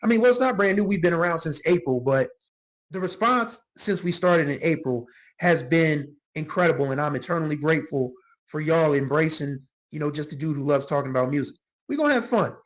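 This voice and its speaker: A middle-aged man with a scratchy throat hosting his own music channel, talking casually and reflectively about songs, now and then letting out a drawn-out "whew.". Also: on the high side, lively intonation. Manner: reflective, gets emotional, drawls exclamations like "whew". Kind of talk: casual solo music commentary.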